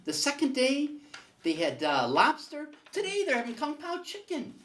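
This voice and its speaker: A man's voice: extremely high pitch, wildly swooping pitch, normal speed, a bit bright, pitched above the performer's own voice, exaggerated voice. A man voicing a puzzled, ordinary old man in heaven who complains about his meals. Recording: voice picked up from a distance.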